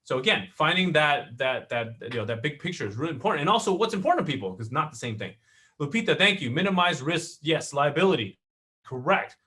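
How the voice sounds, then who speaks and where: An animated middle-aged male instructor teaches a live online class. His voice is bright and forceful and sits a bit high. He keeps checking in with his audience as he goes. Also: quick pace. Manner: animated, constantly checking in with "right?". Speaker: real estate class instructor.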